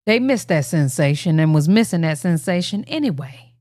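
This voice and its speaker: Brief: woman host, animated pitch, blunt and slangy, dry close sound. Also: moderate pace, dry recording. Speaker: channel host reacting. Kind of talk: casual reaction commentary.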